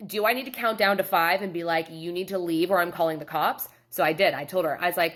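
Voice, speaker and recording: Woman, middle-aged, slightly low voice, animated storytelling vlog. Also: fast talker, few pauses. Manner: animated storytelling, acting out quotes. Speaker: photographer and studio owner.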